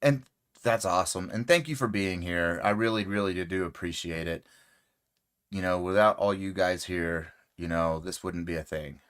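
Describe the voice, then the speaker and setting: A man hosting a casual crochet livestream, rambling relaxed and friendly with many fillers and greeting viewers by name. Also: deep voice, moderate pace, clean tone.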